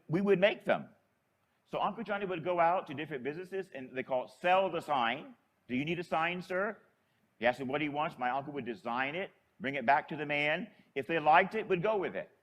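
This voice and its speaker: An older man and priest telling a chatty, animated story in a sermon. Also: fairly high pitch.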